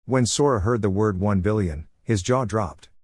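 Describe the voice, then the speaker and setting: Low-voiced male recap narrator. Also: moderate pace, darkish tone, husky, dry recording, studio quality.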